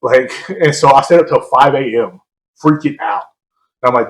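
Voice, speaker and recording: A man's voice: medium pitch, normal speed. A young man chats on a podcast, telling a story in a loose, rambling way. He pokes fun at himself and laughs easily. His voice sits mid-range and carries a roomy echo. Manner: rambling, self-mocking, laughs often. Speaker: podcast co-host. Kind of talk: casual storytelling chat.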